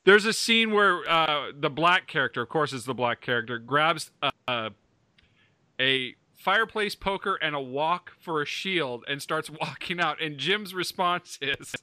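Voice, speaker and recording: A man with a very bright, sharp voice tells a teasing story about a friend. He talks quickly and laughs between lines. The recording is dry and close. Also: on the high side, lively intonation, no room sound. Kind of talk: casual chat.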